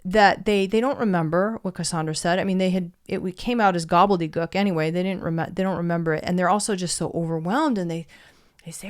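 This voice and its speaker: A storyteller with a voice on the low side speaks a little fast as she recounts an ancient myth in a relaxed way. She pauses to reflect thoughtfully on the importance of stories.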